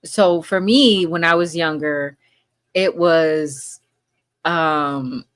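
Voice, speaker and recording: A woman's voice: low voice, very slow. A woman hosting a casual live chat, reading viewer comments aloud and laughing often between remarks. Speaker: livestream host.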